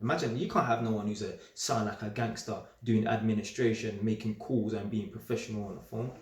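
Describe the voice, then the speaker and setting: A young man giving a casual, straight-talking monologue in streetwise slang, animated and emphatic and often repeating himself. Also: on the low side, brisk. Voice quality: streetwise slang-heavy talk. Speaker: vlogger. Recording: roomy echo.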